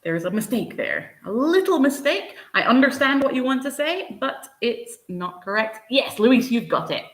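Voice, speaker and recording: A woman's voice: a little high, sing-song, normal speed. A woman teaching English in a live online lesson, patient and encouraging, answering viewers by name. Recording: roomy echo.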